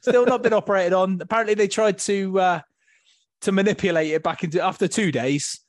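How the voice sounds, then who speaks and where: A man's voice: sits high, fairly quick, no room sound, clean studio sound. A man hosting a casual podcast banter session over a video call, rambling and laughing often. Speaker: podcast host.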